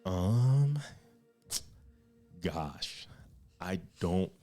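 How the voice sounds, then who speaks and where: A man narrating as game master in a tabletop game, halting and restarting as he draws out his descriptions. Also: low-pitched, animated, warm tone, faint music behind. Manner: halting, with many fillers and restarts, drawn-out descriptions.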